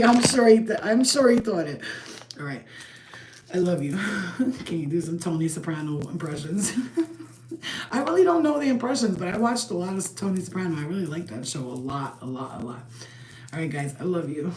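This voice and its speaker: Loud, animated New woman storyteller. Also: lowish voice. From New York. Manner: loud, animated, swearing, laughs often. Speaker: channel host. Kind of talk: casual livestream storytelling.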